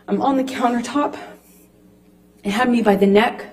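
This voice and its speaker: A woman giving courtroom testimony, speaking haltingly with frequent restarts and pauses. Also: on the high side. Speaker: witness.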